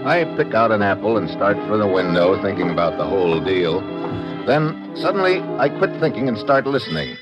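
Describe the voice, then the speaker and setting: An actor playing a tough American private eye who narrates in clipped, hard-boiled lines in a 1940s radio drama. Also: male voice, on the low side, very animated, a little fast. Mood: tense. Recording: dull old radio recording with music.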